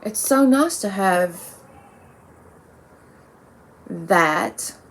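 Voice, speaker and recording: A woman's voice: medium pitch, expressive, very slow. A woman talking bluntly and profanely in a rambling casual monologue, with lots of "like"s. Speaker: vlogger.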